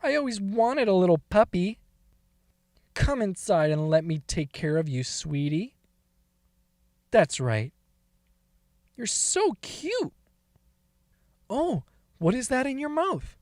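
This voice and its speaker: A man's voice: high-pitched, sing-song, slow pace, pauses often, a little mellow, dry recording, studio quality, pitched above the performer's own voice, exaggerated voice. A man doing a cooing seductive woman.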